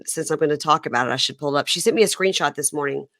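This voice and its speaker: A woman hosting a podcast in casual chat, with a vocal fry, telling stories and acting out what others said. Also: sits low, rapid-fire, no echo, studio quality. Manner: animated storytelling, acts out quotes. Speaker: podcast host.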